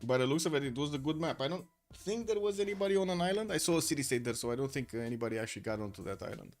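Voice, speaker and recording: A man with a mid-range voice casts a live strategy game stream, speaking in an animated, racing, rambling style as he chats and reads viewer messages aloud. Soft music plays in the background of this casual commentary.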